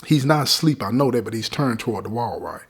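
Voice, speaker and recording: A man's voice: mid-range voice, lively intonation, a little fast, creaky, breathy edge. A middle-aged man with a streetwise way of talking tells a raw story from his past. He keeps turning to his listeners as he goes, in loose, casual storytelling. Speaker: podcast host telling his prison story.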